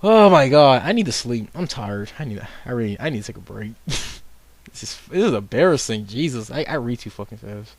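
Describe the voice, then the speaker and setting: Lively-voiced young man, rambling and swearing. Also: mid-range voice, no echo. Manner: rambling, swearing, self-mocking with frequent restarts. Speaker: video commentator. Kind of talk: casual unscripted commentary.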